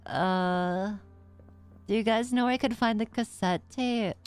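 A woman streamer giving live gameplay commentary, excitable, swearing freely and laughing often. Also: mid-range voice, a little slow, faint music behind.

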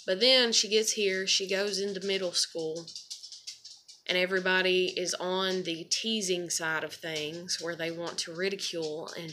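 Mother in her thirties for a home vlog: lowish, bright voice, rambling and frustrated, curses casually. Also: a little hiss or hum. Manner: rambling, frustrated, swears freely. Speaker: mother vlogging.

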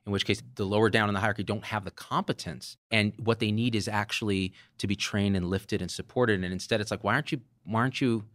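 Rich: An excitable man in his forties who launches into profane rants. His pitch leaps up and down as he builds a point, and the voice sits close and dry with no room sound. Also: fast, few pauses, no room sound. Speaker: guest physician. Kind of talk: animated podcast conversation.

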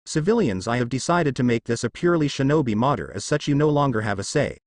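Stern old ninja leader guy, firm and bossy, man doing the voice, lively pitch. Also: fast talker, no echo, studio quality, close to an everyday voice. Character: elderly male village leader, stern and commanding. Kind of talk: fan fiction read-aloud.

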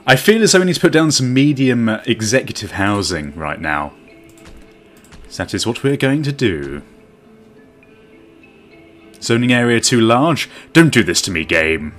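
A game commentator with a mid-range, fairly bright voice offers relaxed let's-play chatter. Faint music plays behind him as he thinks aloud and throws in self-deprecating remarks.

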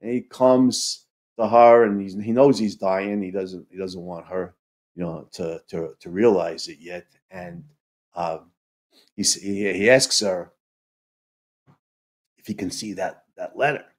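Halting, emotional man with a low voice. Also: fairly even intonation. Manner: halting, emotional storytelling with many restarts. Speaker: podcast co-host. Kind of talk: casual conversation retelling a play.

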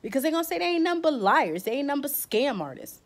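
Lady vlogger going off in a heated rant, kinda high voice, teary and blunt. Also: big pitch swings, quick pace. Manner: fired-up, emotional and blunt, with casual slang. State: close to tears. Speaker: beauty vlogger.

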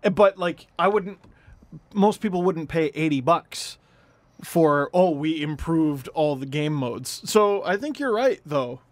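High-voiced man ranting on a podcast. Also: lively intonation, unhurried, no room sound. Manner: exasperated, exaggerated complaining with laughter. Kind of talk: casual sports podcast chat.

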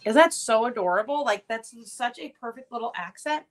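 A woman's voice: on the high side, lively intonation, a little fast, soft background music. A chatty, upbeat woman hosting a live jewelry sale, showing pieces and greeting viewers by name. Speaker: live-stream jewelry seller. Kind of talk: casual live-sale chat.

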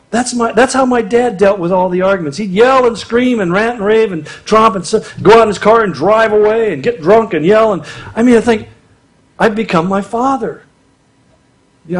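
A middle-aged man giving a conversational, humorous sermon at a marriage conference, acting out little quotes as he goes. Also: high voice. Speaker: conference speaker.

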